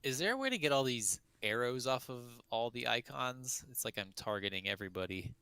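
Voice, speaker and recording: A man's voice: mid-range voice, animated, brisk, pushed and bright, smooth. A man playing a tabletop game, talking in an upbeat, joking way. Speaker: player. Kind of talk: casual tabletop play.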